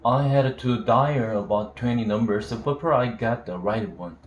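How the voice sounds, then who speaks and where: A man reading a novel aloud, telling it slowly in a casual first-person voice. His delivery is unhurried. The recording is roomy, with a faint hum of ambience behind him. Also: medium pitch. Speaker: reader of a novel.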